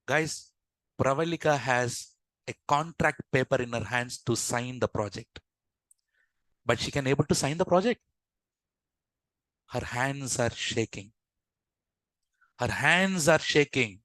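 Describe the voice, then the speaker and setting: A young adult man, telling a story to teach a tech lesson and addressing his viewers directly in an animated way. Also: medium pitch, normal speed, no echo. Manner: animated, addresses the audience as guys. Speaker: tech instructor.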